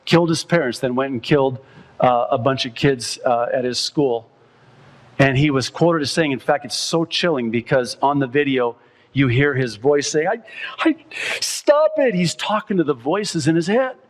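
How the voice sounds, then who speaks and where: A male pastor preaching a sermon, reading quotes aloud and working himself up to high, loud, impassioned peaks. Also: normal speed.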